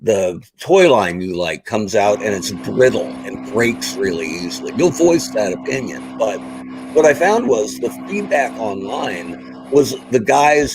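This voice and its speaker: Through poor audio with a little hiss or hum, a middle-aged man with a lowish voice talks as a podcast guest. He keeps it casual, animatedly recounting events and voicing both sides of the exchanges.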